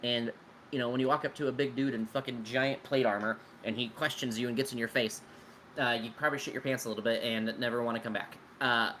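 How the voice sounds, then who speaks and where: A man at a mid pitch with a bright, forceful voice, talking as a game master who answers his players' questions about his world. He rambles loosely, piles on fillers and drops casual swears. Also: steady tone, fast, slight background noise.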